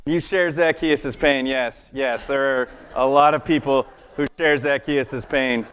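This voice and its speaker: A man's voice: medium pitch, fairly even intonation, a little slow, fairly bright tone, clear, resonant tone. A man giving a casual children's sermon, chatty and playful, often asking the kids questions and laughing at his own jokes. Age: adult. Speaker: children's church teacher. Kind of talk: children's sermon with object lesson.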